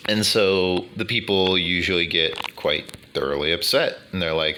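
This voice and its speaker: A man in casual commentary over a game he is playing, talking in slow, wordy, formal phrases with many fillers. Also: sits low, bright, forceful tone, a little hiss or hum. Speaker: gaming YouTuber. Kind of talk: rambling commentary over gameplay.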